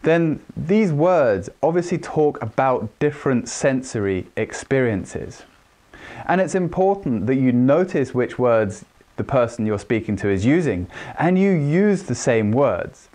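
In this teaching talk, a man who trains people in communication explains the skills in a calm, even manner. At times he illustrates how varying pitch and pace changes delivery.

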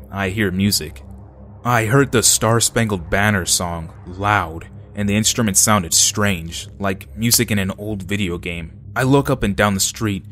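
A man narrating scary true stories in a steady, low-key way. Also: slight background noise.

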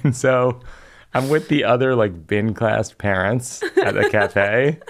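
A man's voice: mid-range voice, slow. A middle-aged man, a comedian hosting a podcast, telling a funny story in a dry, self-mocking way with playful asides. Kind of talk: comic storytelling in conversation.

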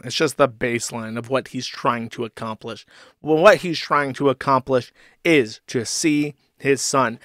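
A man's voice: medium pitch, fairly bright tone, dry recording, studio quality. A man hosting a casual commentary stream, reading posts aloud with sarcastic mockery. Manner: sarcastic, mocking, reads posts aloud in exaggerated voices. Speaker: streamer host.

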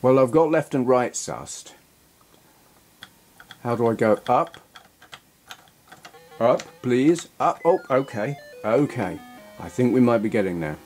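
A man's voice: mid-range voice, animated, slow pace, long pauses, darkish tone, faint music behind. A man giving rambling, self-deprecating commentary while playing an old computer game. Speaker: retro gaming YouTuber. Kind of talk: casual gameplay commentary.

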